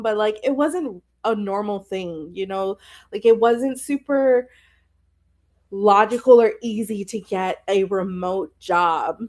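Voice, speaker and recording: A woman's voice: on the high side, a little mellow. A young adult woman hosting a podcast, telling a personal story in a rambling, emotional way with many fillers. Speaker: podcast host.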